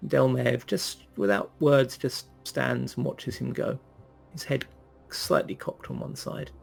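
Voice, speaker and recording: A man narrating a tabletop game as game master, hesitant and filling pauses with ums. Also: medium pitch, vocal fry, faint music behind.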